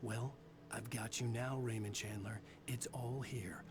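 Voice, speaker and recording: An actor playing an unhinged male federal agent who gloats in a hushed voice. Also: medium pitch, steady tone, a little slow, over music, close to an everyday voice. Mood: gloating.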